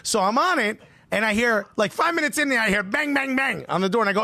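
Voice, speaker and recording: A man's voice: extremely high pitch, animated, quick pace, creaky, sharp tone. A man from Newark telling a comic story, acting out voices and laughing often. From Newark, New Jersey. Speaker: guest, comedian telling a story.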